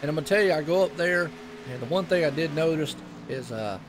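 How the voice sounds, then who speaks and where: A man with a deeper-toned Southern US accent chats casually while calling a sim race. His voice sits a little high for a man. Steady noise runs behind him. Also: quick pace. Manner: chatty, laughs often, repeats words. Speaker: race commentator. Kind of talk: casual race broadcast commentary.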